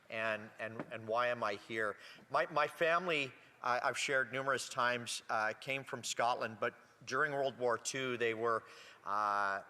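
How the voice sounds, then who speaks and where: Parliamentarian, male, bright tone, halting speech with repeats, desk mic in a reverberant chamber. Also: medium pitch. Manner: halting, repeats words while searching. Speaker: member of parliament. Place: legislative chamber. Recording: long reverb of a large chamber.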